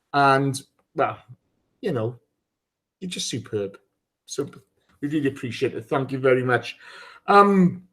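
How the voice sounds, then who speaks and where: Man, podcast host, teasing banter, swears, slightly high voice. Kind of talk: casual live podcast chat.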